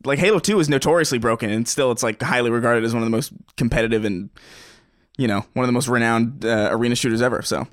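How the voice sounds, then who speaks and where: A man's voice: medium pitch, quick pace, no echo. Easygoing podcast co-host man, dry sound. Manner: easygoing, laughs often, short agreeing replies. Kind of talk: casual chat.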